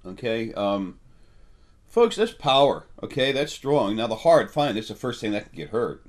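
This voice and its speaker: Rambling, halting middle-aged man. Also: on the low side, big pitch swings. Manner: rambling, halting, many fillers and restarts; emotional, voice catching at times. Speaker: spiritual talk host. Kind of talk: unscripted spiritual monologue.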